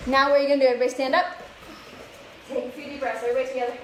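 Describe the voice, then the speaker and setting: A bright, high-voiced young woman coaches children through a workout, upbeat and a little breathless. She sounds set back from the mic, with a strong echo and clear background noise around her. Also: flat delivery, rapid-fire. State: slightly out of breath. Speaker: fitness instructor. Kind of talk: live kids' workout class. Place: outdoors, open space. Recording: echoey, distant with background noise.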